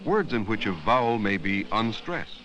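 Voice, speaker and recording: A man narrating an old educational film about reading long words, speaking slowly and deliberately and stretching out words to show their sounds. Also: fairly low pitch, very animated, lo-fi sound, over music. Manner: slow, deliberate, drawing out words to teach sounds. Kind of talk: scripted instructional narration. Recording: dry, close voice-over from an old 16mm film.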